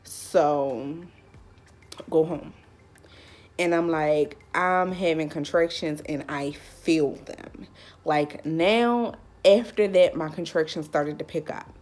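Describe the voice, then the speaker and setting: A woman's voice: fairly low pitch, darkish tone. A young woman vlogger telling a personal story in a casual, candid way, full of "like". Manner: chatty, lots of "like", candid.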